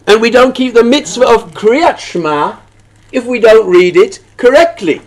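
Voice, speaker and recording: A man's voice: very high voice, measured pace. A man, a rabbi, teaching a text study lesson. He reads passages aloud, translates them, and asks questions that he answers himself.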